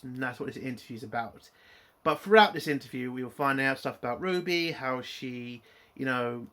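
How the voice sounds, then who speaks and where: A man's voice: medium pitch, sharp tone. A man giving a blunt, opinionated spoken TV review, swearing freely.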